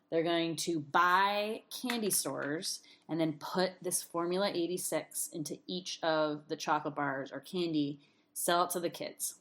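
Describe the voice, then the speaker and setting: Brief lower-pitched woman co-host, chatty and loose, casual movie recap. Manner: chatty, frequent "like" fillers. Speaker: podcast co-host.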